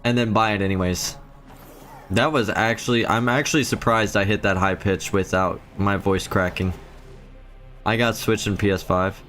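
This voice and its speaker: Male streamer, lowish voice, chatty, reads chat aloud, soft music underneath. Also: moderate pace. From Philippines. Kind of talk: casual live-stream chat.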